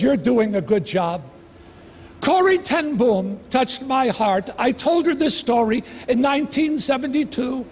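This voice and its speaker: High-voiced man in his sixties, slow dramatic testimony. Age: 60s. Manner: slow, dramatic, halting delivery with heavy pauses. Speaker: speaker. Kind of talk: emotional personal testimony speech. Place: large outdoor Roman amphitheatre. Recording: long reverb from a large venue, faint ambience.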